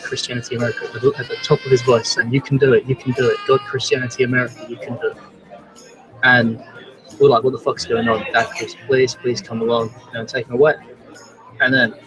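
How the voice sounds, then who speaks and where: A man's voice: mid-range voice, poor audio. A man telling a story in a casual pub chat, rambling and unsure of details. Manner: rambling, full of fillers and restarts. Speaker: guest.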